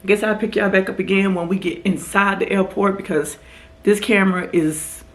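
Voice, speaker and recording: A woman vlogger telling a casual story to her camera, animated and acting out what people said. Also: fairly quick. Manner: animated storyteller, acts out quotes in a higher voice. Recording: echoey room.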